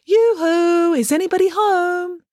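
A woman's voice: extremely high pitch, fairly even intonation, a little slow, darkish tone, no room sound, clean studio sound, voice pushed up. A woman voicing a cheerful, matter-of-fact girl with a sweet, breezy way of talking.

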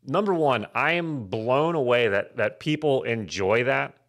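A man's voice: medium pitch, lively intonation, unhurried, a bit bright. Rambling, self-mocking podcast guy. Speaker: podcast co-host. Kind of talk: casual comedy podcast chat.

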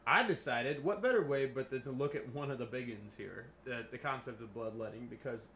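A man's voice: mid-range voice, a little fast, a bit bright, slight background noise. A man co-hosting a casual podcast, joking, swearing and laughing as he presents. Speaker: podcast co-host presenting the episode. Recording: echoey room.

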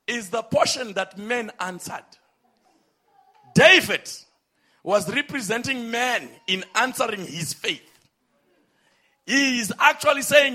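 A man preaching a sermon, with emphatic, drawn-out phrases, calling on the congregation to respond. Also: sits high, expressive, bright, forceful tone, slightly rough.

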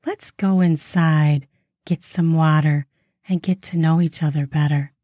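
A woman's voice: deep voice, steady tone, a little slow, mellow, dry recording, clean studio sound. Woman voicing a bold teasing older woman. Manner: sultry, teasing, hissing. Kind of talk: erotic audiobook reading.

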